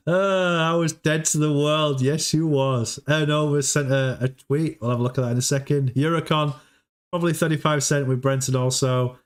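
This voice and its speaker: A man's voice: a little high, steady tone, measured pace. A man hosting a casual livestream, chatty, often repeating words and laughing as he talks. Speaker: livestream host.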